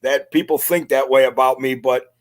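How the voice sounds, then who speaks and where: A man's voice: medium pitch, steady tone, normal speed. A man being interviewed on a podcast, humble and rambling as he tells his story in casual chat, with plenty of fillers. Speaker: podcast guest.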